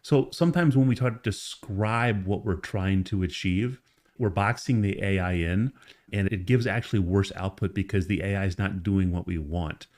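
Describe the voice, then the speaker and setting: Male course instructor, lowish voice, relaxed conversational explainer who keeps checking in with the listener. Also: moderate pace. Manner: casual, conversational explaining with frequent check-ins. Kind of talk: screen-recorded tutorial lesson.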